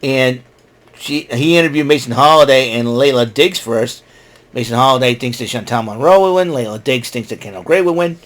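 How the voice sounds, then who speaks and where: Speaking a little fast in a medium-pitched, fairly bright voice, a podcast host recaps a show. He rambles casually, airs strong opinions, and pokes fun at the people involved.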